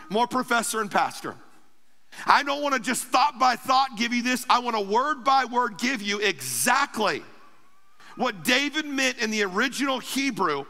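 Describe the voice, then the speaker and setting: Male pastor, very high and piercing voice, emphatic sermon delivery, reverberant church hall. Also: sharp tone. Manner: emphatic preaching with repeated phrases. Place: church sanctuary.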